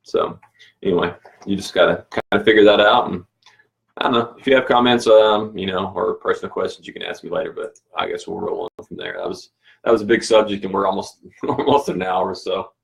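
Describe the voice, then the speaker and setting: A man's voice: low-pitched, fairly even intonation, brisk, creaky, husky. A man hosting a weekly cycling update livestream, talking in a casual, rambling, easygoing way and chuckling now and then.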